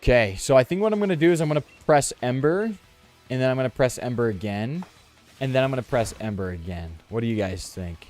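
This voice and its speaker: A man's voice: mid-range voice, animated, brisk, darkish tone, faint music behind. A man streaming a video game, giving casual, sarcastic, joking commentary as he plays. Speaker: let's play streamer.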